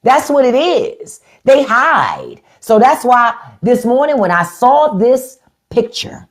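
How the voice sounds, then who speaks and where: A woman's voice: on the high side, wildly swooping pitch, takes it slowly. A woman hosting a live stream in an unfiltered, profane and sarcastic rant, with features. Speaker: livestream host.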